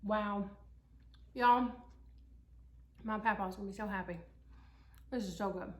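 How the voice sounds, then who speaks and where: A woman's voice: medium pitch, fairly even intonation, unhurried, pauses often, roomy sound. A woman with a Southern American accent, chatting folksily to viewers in a casual cooking vlog from her home kitchen. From Tennessee. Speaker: home cook.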